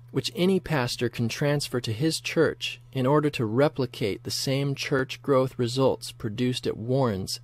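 A man narrating a scripted documentary text in a measured, even reading voice. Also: mid-range voice.

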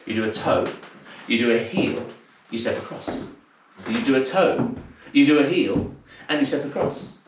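A man's voice: mid-range voice, lively intonation, moderate pace, long pauses. A man teaching a live online dance class, counting the steps aloud in rhythm and explaining them in a chatty way between counts, a little out of breath. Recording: echoey room, distant mic, noisy.

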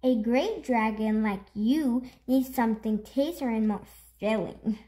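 A woman's voice: fairly high pitch, measured pace, warm tone, natural voice. A woman voicing a small, brave and clever male owl knight in a storybook reading, speaking in an earnest, reasoning tone.

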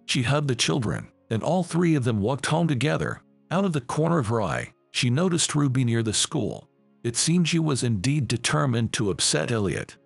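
A man narrating a scripted family story in a measured storytelling manner. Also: mid-range voice, sing-song, creaky, no echo, faint music behind.

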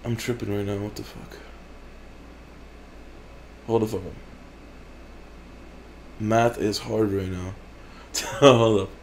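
A man's voice: fairly low pitch, fairly even intonation, slow, long pauses, slight background noise. A man hosting a gaming channel, giving casual gameplay commentary in a blunt, heavily profane way. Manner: profane, blunt, frequent swearing.

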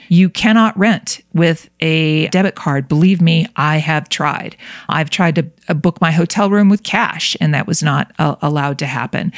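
A woman with a New England accent hosts a podcast, chatting frankly and giving down-to-earth advice. Her voice sits a little low, with a touch of gravel. The sound is dry and close. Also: dry recording. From New Hampshire. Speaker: podcast host. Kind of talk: interview chat and advice talk.

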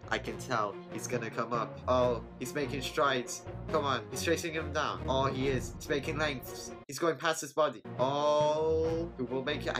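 An unhurried, mid-pitched voice reacting to sports highlights, bursting into repeated exclamations. Loud music plays underneath throughout. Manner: excitable, exclaims and repeats phrases. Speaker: reaction video host. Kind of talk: casual reaction commentary.

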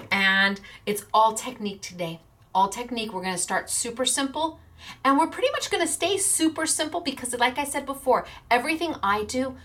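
A woman hosting a chatty craft video, bubbly and excited, often breaking into laughter. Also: medium pitch. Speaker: craft shop owner and video host.

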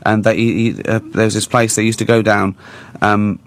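A man's voice: on the low side, fairly even intonation, moderate pace. A man with a British accent, a talk show guest in casual chat, telling rambling stories with stammered restarts and frequent laughter. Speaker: studio guest.

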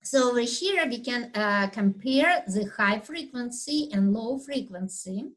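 Slow, loud-spoken woman lecturing on anatomy. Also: fairly high pitch, animated, rough recording. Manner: unhurried, explanatory, with fillers and throat clearing; talks loudly by habit. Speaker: anatomy instructor. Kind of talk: recorded video lecture.

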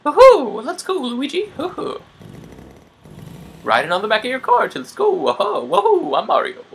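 A man doing a high, exaggerated impression of a cheery adult male plumber hero from a video game, with frequent whoops. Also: huge pitch swings, moderate pace, vocal fry, exaggerated voice. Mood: gleeful.

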